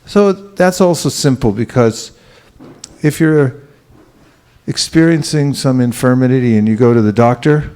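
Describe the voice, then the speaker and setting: A man giving a relaxed, conversational spiritual talk, asking the audience questions and chuckling now and then. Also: mid-range voice, unhurried. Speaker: spiritual teacher giving a class. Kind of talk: conversational sermon.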